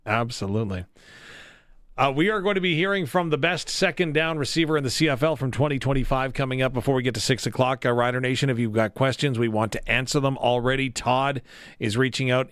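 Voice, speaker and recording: A man from Canada hosting a sports radio show, asking questions in a lively, joking way. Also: mid-range voice, fairly quick, clear, resonant tone, no echo, studio quality. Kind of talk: radio interview and call-in chat.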